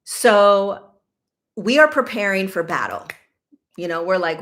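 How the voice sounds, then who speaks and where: A middle-aged woman hosting a podcast, telling a personal story in a candid, animated way with many asides. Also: medium pitch, measured pace, pauses often. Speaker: podcast host.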